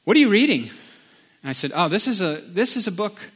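A middle-aged pastor preaches a conversational sermon, telling stories and slipping into sung lines. His voice sits high with big pitch swings, brisk, a bit bright and slightly rough.

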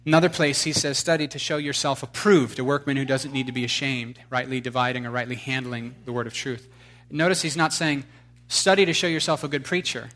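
A man preaching a sermon who moves from loud, fervent exhortation to quiet, confessional storytelling full of casual fillers. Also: medium pitch, steady tone, a little fast. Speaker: pastor.

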